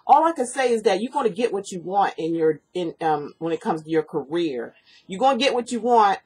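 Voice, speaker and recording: Husky-voiced woman giving a rambling tarot reading. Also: fairly low pitch, darkish tone. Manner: rambling, earnest, repeats herself, lots of fillers. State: sniffly from allergies. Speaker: tarot reader. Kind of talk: personal tarot reading to camera.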